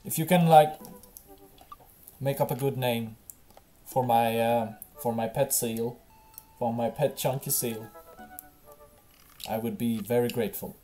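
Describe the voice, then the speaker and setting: Deep-voiced English woman streamer. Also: a little slow, pauses often, warm tone, faint music behind. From England. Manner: rambling and jokey, lots of "like". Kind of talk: casual gameplay commentary.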